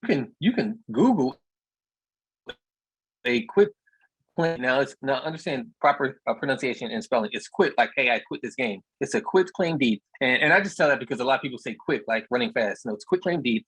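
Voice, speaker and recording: A man's voice: mid-range voice, lively intonation, brisk, fairly bright tone, husky, no room sound, rough recording. A man speaking as a guest on an online meetup, telling plain, casual stories about buying property. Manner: storytelling, plainspoken, repeats words. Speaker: real estate investor speaker. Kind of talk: casual talk on a video meetup.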